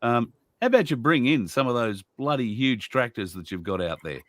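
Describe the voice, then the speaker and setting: A man's voice: medium pitch, very animated, brisk, fairly bright tone, no room sound. An Australian man chatting on an online talk show, explaining at length with rambling asides. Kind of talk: casual chat.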